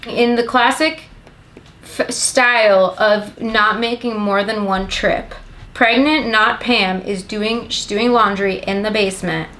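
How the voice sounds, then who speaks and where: A woman's voice: medium pitch, steady tone, slow, sharp tone. A young woman recapping a movie in a rambling, sarcastic comedy style, swearing constantly. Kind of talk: profane comedic plot recap.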